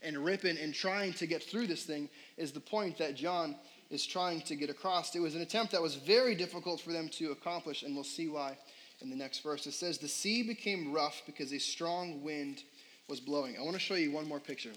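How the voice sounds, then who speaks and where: A man's voice: a little high, brisk, fairly bright tone, a little hiss or hum, poor audio. A young adult man preaching a sermon as pastor in a casual, conversational way, full of fillers and questions put to the congregation.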